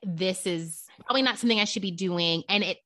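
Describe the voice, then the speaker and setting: A woman's voice: medium pitch, a little fast, a bit bright. A young adult woman, a mother co-hosting a parenting podcast, talking reflectively and thinking aloud. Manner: reflective, thinks aloud, acts out her kids' voices. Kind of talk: casual chat.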